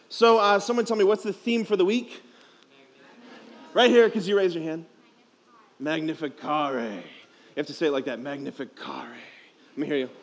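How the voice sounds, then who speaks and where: A man's voice: high voice, fairly bright tone. A young man, a priest, giving a playful, emphatic homily at a youth conference, asking the crowd questions, speaking into a headset mic.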